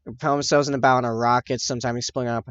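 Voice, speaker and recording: The livestreamer speaks rapid-fire in a level, mid-range voice that's a bit bright, with no room sound. While painting miniatures he answers chat casually, rambling, self-correcting and laughing frequently, and the lo-fi stream sound is dull and dry.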